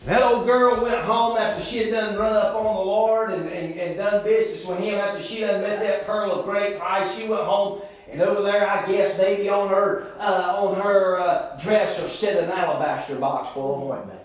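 Middle-aged man, pastor, sermon that rises loud then falls hushed, echoey room. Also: high-pitched, moderate pace. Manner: swings between loud, rising preaching and quiet, joking asides.

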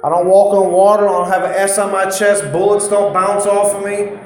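High-voiced preacher in an echoey room. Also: male voice, flat delivery, moderate pace, a little hiss or hum. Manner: conversational, storytelling, repeats himself. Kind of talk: informal sermon.

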